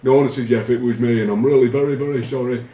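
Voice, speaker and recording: A man's voice: medium pitch, steady tone, racing, warm tone, slight background noise, pitched above the performer's own voice, close to an everyday voice. A man voicing a panicked young male rugby prop who begs and stammers through a confession, heard from a distant mic in a roomy space. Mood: earnest confessing. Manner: frantic, begging, stammering.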